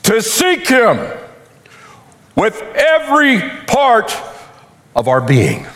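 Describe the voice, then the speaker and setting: A man preaching a sermon with animated delivery, acting out quotes, while losing his voice. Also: very high-pitched, extremely slow. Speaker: pastor.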